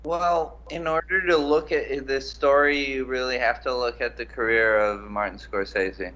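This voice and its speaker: A man co-hosting a casual film breakdown chat, making a measured, deliberate argument. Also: mid-range voice, steady tone, bright, forceful tone, highs cut off. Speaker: co-host.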